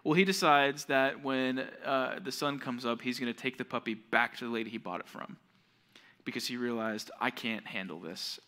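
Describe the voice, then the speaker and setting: A young man, a youth pastor, giving a sermon to junior high students and telling a story with acted-out quotes. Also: steady tone, normal speed, pushed and bright. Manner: storytelling, acts out quoted voices.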